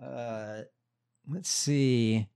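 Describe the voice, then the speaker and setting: A man's voice: medium pitch, fairly even intonation, very slow, creaky, warm tone, clean tone. A man co-hosting a casual podcast, reading news items aloud with dry asides. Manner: wry, reads news aloud. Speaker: podcast co-host. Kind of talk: casual political chat.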